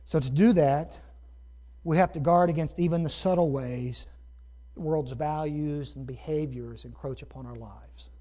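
Man, pastor from Ohio; conversational sermon delivery, fairly high voice, dull lo-fi recording. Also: measured pace, dark tone. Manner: conversational, rhetorical asides.

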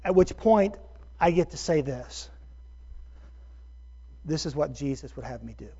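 Pastor guy in his middle years telling a sermon story, kinda high pitched, gets animated and pokes fun at himself, muffled church recording. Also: a little slow, husky. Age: middle-aged. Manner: animated, self-deprecating storytelling with rising bursts.

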